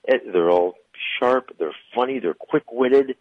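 A man's voice: mid-range voice, animated, unhurried, dry recording, lo-fi sound. A man, a car dealer on a radio show, chatting enthusiastically and teasing the host. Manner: enthusiastic, teasing, repeats words. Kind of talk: casual radio chat.

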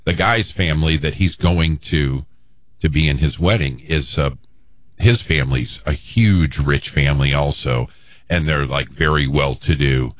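A man with a very deep voice, co-hosting a radio show and recounting things haltingly, with plenty of ums. The sound is close and dry, with dull, lo-fi broadcast audio. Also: no echo. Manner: halting, with many fillers. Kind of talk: casual banter on a radio show.

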